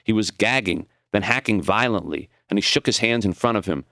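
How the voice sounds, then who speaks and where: A man narrating his own audiobook in an expressive, reflective reading. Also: on the low side, brisk, no echo, clean studio sound.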